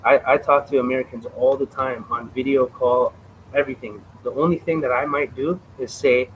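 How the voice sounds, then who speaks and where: A man's voice: mid-range voice, steady tone, brisk, slight background noise, poor audio. A young Canadian man with a Canadian accent, chatting casually on a livestream, blunt and profane, calling the viewers "bro.". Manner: blunt, profane, emphatic, says "bro" often.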